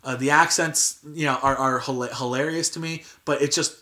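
Bright-voiced young man hosting a podcast. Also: mid-range voice, fairly even intonation, brisk. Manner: filler-heavy, frequent "like" and restarts. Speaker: podcast host. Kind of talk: casual chat.

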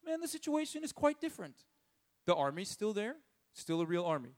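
A man giving a conversational sermon, chuckling often and acting out characters' lines in quick voices. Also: high voice, sing-song. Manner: chuckles often while telling the story. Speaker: preacher.

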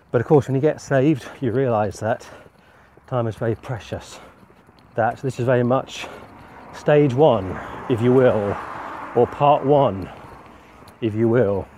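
A man preaching a walking sermon outdoors on a street, slightly out of breath, earnest and reflective in a measured way. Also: medium pitch, mellow, a little hiss or hum.

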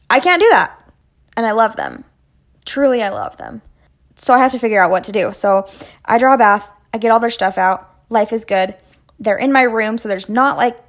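A young adult woman hosting a podcast, telling a rambling, self-mocking story in an animated way. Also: a little high. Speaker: podcast host. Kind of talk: storytelling monologue.

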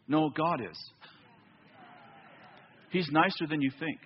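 High, husky-voiced preacher man. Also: unhurried, long pauses, lo-fi sound. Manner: animated storytelling, acts out both sides of dialogue. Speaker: pastor. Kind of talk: sermon. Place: church.

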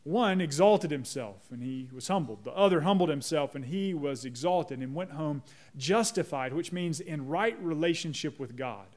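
A man preaching a sermon as pastor, slowing down to lead a prayer. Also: fairly high pitch, lively intonation, darkish tone. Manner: measured, slows down on prayer phrases; leads the congregation in repeating a prayer.

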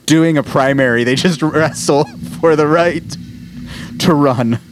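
A man in his thirties co-hosting a podcast in casual chat, jokey and animated, laughing as he talks. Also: a little high, unhurried, slight background noise. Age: 30s. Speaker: podcast co-host.

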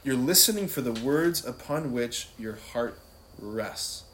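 A priest's informal lesson on prayer comes from a man with a medium-pitched, animated, slightly bright voice who speaks slowly. He peppers his talk with "like" and "right?", and the echoey room has faint background noise.

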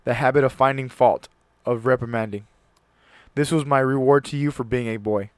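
A man's voice: medium pitch, steady tone, moderate pace, no room sound. Male host, mid-range voice, dry close mic; casual solo talk, earnest read-aloud with occasional stumbles. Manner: reads aloud earnestly, stumbles and restarts on words.

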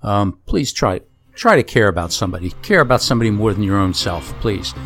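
A middle-aged man co-hosting a podcast with his son, talking casually in a blunt, joking way that slides into gentle lecturing. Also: on the low side, animated, fairly quick, soft background music. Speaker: podcast co-host, the host's father.

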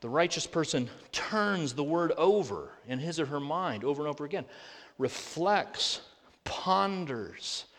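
A man's voice: on the high side, animated, measured pace, fairly bright tone. Male pastor, earnest sermon, rhetorical questions, long hall reverb.

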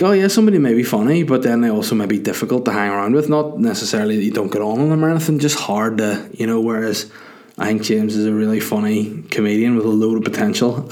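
A young man with a somewhat low voice hosts his own podcast. He rambles through casual, sweary, self-mocking chat full of fillers and sounds worn out. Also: a little mellow. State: tired. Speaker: comedian and podcast host.

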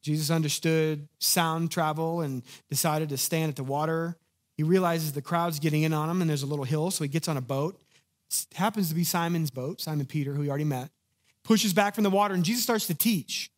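A man preaching a sermon in an animated, conversational way, acting out the lines of the people in his story. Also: a little high, fairly quick. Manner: animated, conversational, acts out quotes. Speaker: pastor.

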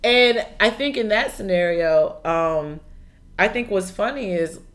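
A woman's voice: medium pitch, lively intonation, a little slow. A woman co-hosting a casual conversation, chatty and opinionated as she reacts and weighs in.

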